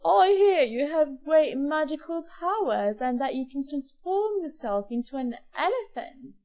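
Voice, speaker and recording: A woman voicing a clever, polite male cat who talks his way into royal favour, in a slow, lively storybook reading. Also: sits high, pitched above the performer's own voice. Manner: polite, persuasive, scheming. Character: clever, smooth-talking male cat in boots.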